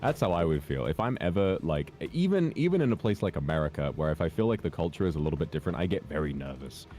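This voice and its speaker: A man's voice: very deep voice, very animated, quick pace, dark tone. A British man chatting as a guest, telling rambling anecdotes. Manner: rambling anecdotes with playful put-on voices. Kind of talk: casual chat.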